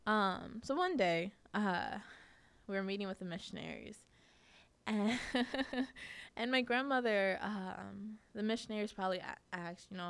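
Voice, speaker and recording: A woman's voice: mid-range voice, a little slow, vocal fry, a bit bright, smooth, no echo. A young woman hosting a podcast, telling a personal story in a casual, chatty way with lots of fillers. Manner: chatty, many fillers, laughs often. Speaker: podcast host.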